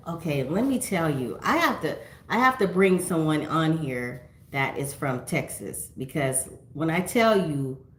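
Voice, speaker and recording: In an echoey room, a middle-aged Californian woman with a low-sitting voice runs a casual livestream from her phone. She chats and reads out viewer comments, laughing often.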